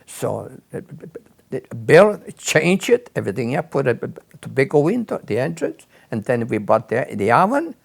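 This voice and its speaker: Older man, gravelly and lively, rambling interview memories. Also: mid-range voice, normal speed. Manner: rambling, repeats words, animated when quoting others. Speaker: interviewee telling his life story. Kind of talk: casual storytelling.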